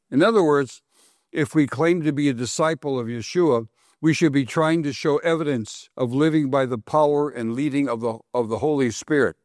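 A man preaching a sermon, his voice sitting at an ordinary middle pitch. He repeats key phrases for weight and turns questions out to the congregation. The sound is dry and close, with no room echo. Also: a little mellow. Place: congregation hall.

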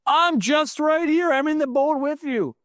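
A man voicing an exasperated male teacher who questions his slow followers. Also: very high voice, a bit bright, no room sound, studio quality, pitched above the performer's own voice. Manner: pleading, incredulous questions.

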